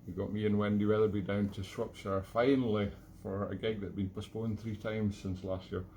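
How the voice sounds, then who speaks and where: A Scottish man with a fairly low voice rambles cheerfully between tunes at an online gig. He pokes fun at himself and jokes as he goes, speaking from home in his flat. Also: brisk, slight background noise. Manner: rambling, self-mocking and jokey. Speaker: accordion player hosting a live online gig. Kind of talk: casual chat between tunes.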